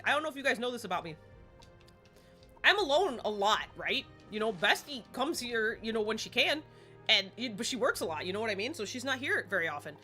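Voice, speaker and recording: A woman streaming a game live, chatting excitedly and rambling to herself as she plays. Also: a little high.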